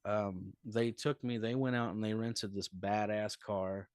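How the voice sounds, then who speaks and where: Low-voiced, profane comedian telling stories. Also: male voice, fairly even intonation, a little slow, a little mellow, clean tone, no room sound, clean studio sound. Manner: profane, rambling storyteller. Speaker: comedian guest. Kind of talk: casual podcast chat.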